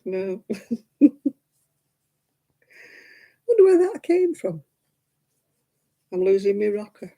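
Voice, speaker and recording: A middle-aged woman chats at home while she crochets, teasing herself about her slip-ups and laughing easily. Her pitch rises and falls a lot as she talks. Her voice is mellow and a little husky. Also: very animated, slow pace, pauses often. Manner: chatty, self-mocking, laughs often. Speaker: crafting vlogger. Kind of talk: casual chat while crocheting.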